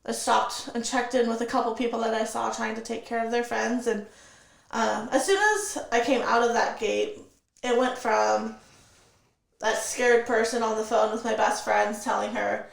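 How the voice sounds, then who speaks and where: On an interview show, a woman shares her own time as a guest, telling it steadily and vividly and dropping into quoted dialogue along the way. Her slightly high voice has a gravelly fry, she speaks at a normal pace, and the room echoes noticeably around her.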